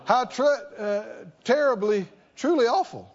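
High-voiced emphatic male preacher. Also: expressive, measured pace, a little mellow, muffled recording. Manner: emphatic, repetitive rhetorical questions. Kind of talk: sermon.

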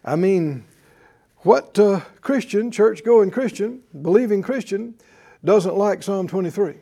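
A man's voice: high voice, a little slow, creaky, warm tone. A male pastor preaching a sermon to a live congregation, with emphatic call-and-response delivery. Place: church before a live congregation.

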